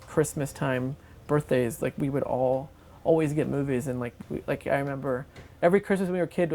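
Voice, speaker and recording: Excitable rambling interviewee. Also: medium pitch, gravelly, a little hiss or hum. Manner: rambling, excitable, many fillers. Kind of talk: documentary interview anecdote.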